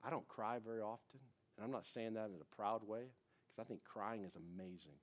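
A pastor in his forties preaches in a casual, conversational style, frequently turning aside to address the congregation. His voice is on the low side and he talks a little fast.

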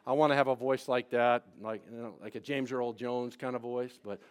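A man's voice: mid-range voice, steady tone, normal speed, smooth. A man pastor preaching a sermon, shifting between conversational storytelling and emphatic preaching.

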